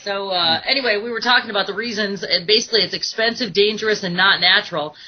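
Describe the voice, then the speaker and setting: A woman's voice: medium pitch, fast talker. A woman hosting a casual call-in radio talk show, chatty and full of fillers as she reads out statistics. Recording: dull lo-fi internet radio audio.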